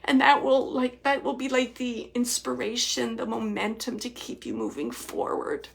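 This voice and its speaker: A woman hosting a psychic reading, relaying spirit messages in a soft, halting way with frequent restarts and repeated phrases, sometimes dropping to a near whisper. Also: a little high, vocal fry. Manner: drops to near-whispers at times. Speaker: psychic medium host.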